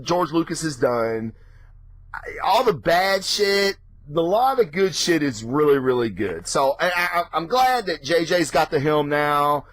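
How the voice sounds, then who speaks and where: A man hosting his own show, ranting casually and excitably with lots of swearing. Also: no echo. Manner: profane, excitable, mimics reactions in a high voice. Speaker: podcast host.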